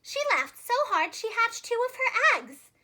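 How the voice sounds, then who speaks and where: Storyteller for kids: young female teacher, very bright high voice, lively ups and downs. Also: a little slow. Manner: warm, expressive read-aloud delivery. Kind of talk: children's storybook read-aloud.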